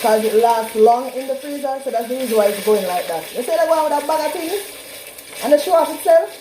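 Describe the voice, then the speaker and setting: A woman with a Trinidadian accent cooks in her home kitchen, chatting directly to viewers in a casual vlog while something fries and sizzles in a pan. She talks fast in a high voice with lively intonation, over a noisy background.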